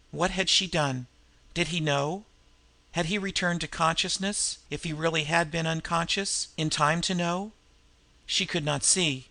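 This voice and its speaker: Man, audiobook narrator, scripted narration, bright voice, slightly high pitch, expressive. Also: vocal fry.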